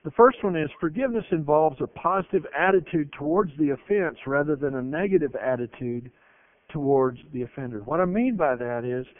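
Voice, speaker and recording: A man's voice: on the high side, a little fast, no room sound. A man preaching a sermon, emphatic and telling stories with energy. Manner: emphatic, with animated storytelling. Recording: narrow phone-like broadcast sound, dry.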